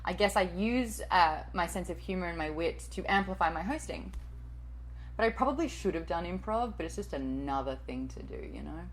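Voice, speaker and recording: A woman's voice: on the low side, animated, brisk, a little hiss or hum, rough recording. A woman in her late thirties, a TV and radio host and voice-over artist, answering interview questions in a chatty, self-deprecating way with the odd swear word.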